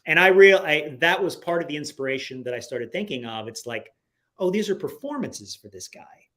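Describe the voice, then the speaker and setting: A man as a guest in a casual interview, talking in an animated, rambling way full of "like"s, on a video call from home. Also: fairly high pitch, normal speed. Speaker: guest comic writer.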